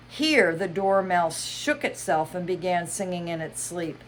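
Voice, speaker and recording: A woman narrating a storybook in an expressive, unhurried way. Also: fairly low pitch. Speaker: audiobook reader.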